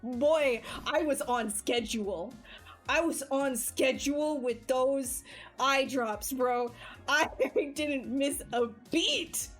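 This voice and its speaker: High-voiced woman telling a story. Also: slow pace, soft background music. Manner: animated storytelling, frequent laughing, filler-heavy. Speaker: livestream artist. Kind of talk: casual chat while streaming.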